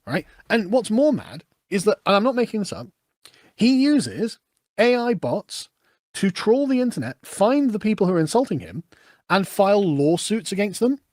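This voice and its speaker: A man commenting on news clips in a sarcastic, swearing, animated rant. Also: high-pitched, no echo, studio quality. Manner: fast, animated, sarcastic, swears and laughs often. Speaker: political commentator.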